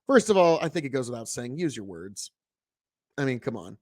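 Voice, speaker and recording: A man's voice: mid-range voice, big pitch swings, fairly quick, no room sound. A man hosting a casual talk show, giving blunt commentary full of swearing and rambling asides. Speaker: podcast host.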